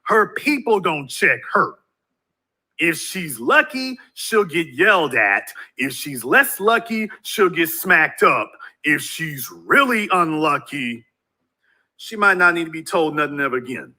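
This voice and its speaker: A man's voice: on the high side, very animated, a little slow, pushed and bright. A man giving a ranting commentary monologue in a preachy way, firing rhetorical questions at his viewers. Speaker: YouTube commentator.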